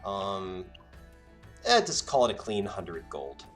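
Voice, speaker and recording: A man narrating a tabletop game as game master, halting with many ums and uhs. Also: deep voice, big pitch swings, fairly bright tone, soft background music.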